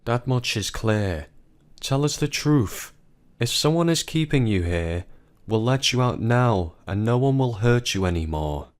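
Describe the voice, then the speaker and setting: A man voicing a distraught grown woman who confronts her husband, pleading and then shouting, in a story narration. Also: lively intonation, unhurried, lightly acted. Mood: coaxing. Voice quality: low voice pushed higher for a woman.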